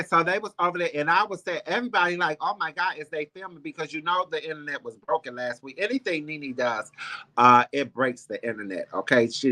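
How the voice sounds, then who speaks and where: A sassy man dishes celebrity gossip to a live audience in a loose, rambling chat. His voice sits a bit high and rings bright and forceful. He keeps tossing in "girl" and "honey" between the ums. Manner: sassy, chatty, calls viewers girl and honey; rambling with many ums and restarts. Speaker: host of a celebrity gossip livestream. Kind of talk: casual chat with live viewers.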